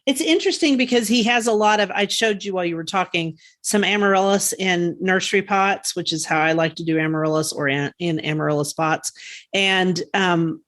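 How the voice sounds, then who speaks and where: A woman co-hosting a gardening podcast, chatting casually and enthusiastically, quick to laugh. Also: fairly low pitch, a bit bright. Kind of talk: casual chat.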